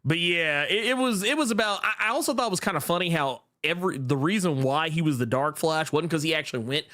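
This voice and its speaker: A man's voice: a little high, expressive, quick pace, pushed and bright. A middle-aged man co-hosting a podcast in casual chat, laughing often and trailing off with fillers. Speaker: podcast co-host.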